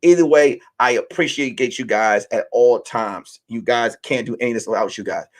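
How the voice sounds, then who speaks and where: Animated, profane man in his late thirties. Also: mid-range voice, normal speed. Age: late 30s. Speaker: podcast host. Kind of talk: casual monologue to listeners.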